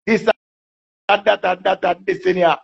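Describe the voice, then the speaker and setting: A Jamaican man with a high, gravelly voice hypes things up in a casual, animated monologue, slipping between patois and English. The sound is dull and lo-fi. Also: normal speed. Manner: animated, mixes patois with English, bursts into singing. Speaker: vlogger.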